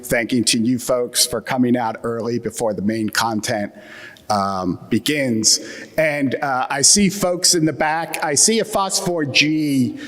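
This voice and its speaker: A man's voice: medium pitch, a little slow, fairly bright tone, in a large hall. A man from the Philadelphia area giving a conference talk with a Philadelphia accent and a wry, joking lecture tone. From Atlantic Midland United States. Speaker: conference speaker. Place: conference hall.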